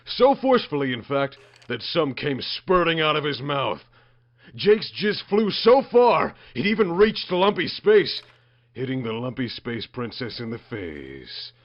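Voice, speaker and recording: A male narrator reads a comedic story aloud in a mock-dramatic style that keeps building. His mid-range voice swings widely in pitch at an unhurried pace, captured in a muffled, dry, lo-fi recording.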